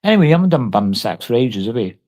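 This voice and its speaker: A man's voice: mid-range voice, sing-song, fast, a little mellow. A man on a casual livestream, taunting and mock-threatening someone in crude, heavily sworn banter.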